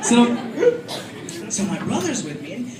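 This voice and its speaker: A teenage boy doing stand-up comedy, telling stories in an animated, self-mocking way on a school auditorium stage. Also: high voice, a little slow, a crowd in the background. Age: teens. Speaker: student comedian. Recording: echoey hall mic from far off, loud laughter.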